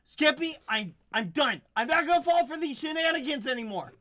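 A man's voice: very high-pitched, animated, a little fast, sharp tone. A young man on a voice call, exasperated as his server is messed with, who keeps saying "oh my goodness" instead of swearing. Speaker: Minecraft server owner being pranked. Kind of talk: casual voice call chat. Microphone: voice call headset mic. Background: background music.

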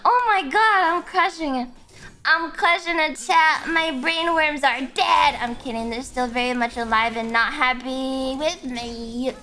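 A woman's voice: sits high, unhurried, pushed and bright. A woman streamer chatting casually on a live stream, giggly and self-mocking, often bursting into squeals.

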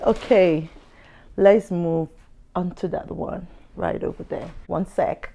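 A woman's voice: on the low side, steady tone, slow, warm tone, slight background noise. A young woman vlogger unboxing gifts, exclaiming and gasping over each one. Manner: gushing, lots of exclamations and gasps. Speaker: lifestyle vlogger. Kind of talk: excited unboxing vlog.

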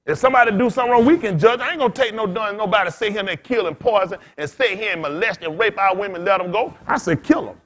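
A man preaching in loose storytelling style as a pastor, blunt and cussing, laughing as he swings between loud bursts and quiet asides. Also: sits high, fast, few pauses. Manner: blunt, street-talking, cussing. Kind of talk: storytelling sermon.

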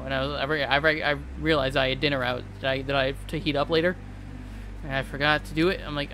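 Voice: medium pitch, fairly even intonation, fast talker, pushed and bright, slight background noise. A game streamer in casual gameplay commentary, muttering confused questions to themself and rambling about their day. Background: game music.

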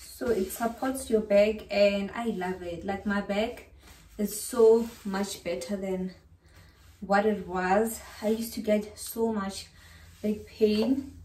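Slow-talking South African woman vlogger. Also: mid-range voice, steady tone, dark tone, distant mic. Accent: South African English. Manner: chatty, keeps calling out to viewers as guys. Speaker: lifestyle vlogger. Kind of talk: casual chat to camera. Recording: echoey room, voice off-mic.

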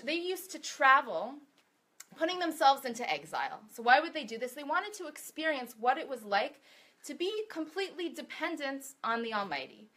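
Woman, storyteller on stage, lively swooping delivery, bright tone, higher voice. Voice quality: expressive, animated storytelling. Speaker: speaker telling a story. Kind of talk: storytelling talk.

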